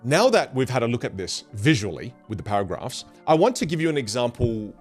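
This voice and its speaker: A man coaching on clear speaking, with a lively delivery that often slows down for emphasis. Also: medium pitch, soft background music. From grew up in a Vietnamese and Chinese culture. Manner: animated, demonstrates rambling and fast talk on purpose. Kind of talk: motivational speaking lesson.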